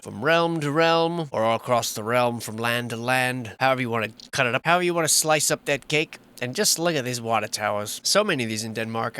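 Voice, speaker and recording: A man's voice: mid-range voice, a bit bright, smooth. A man giving casual, wry, rambling commentary over old photos, often playfully sarcastic. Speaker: history vlogger.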